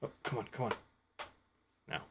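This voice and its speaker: A man live-streaming indoor drone flights, commenting excitedly and answering chat questions, exclaiming and swearing at crashes. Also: moderate pace, a little hiss or hum. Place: house, indoors.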